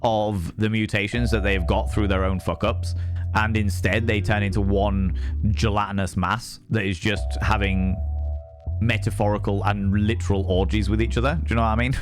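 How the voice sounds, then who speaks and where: A man's voice: on the low side, flat delivery, moderate pace, faint music behind. A man giving chatty, amused commentary while playing a story game. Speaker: streamer.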